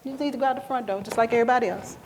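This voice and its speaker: A woman's voice: on the high side, racing, a little hiss or hum. A woman giving a speech about her own life, acting out the voices of the people in her story. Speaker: survivor sharing her story. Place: event hall.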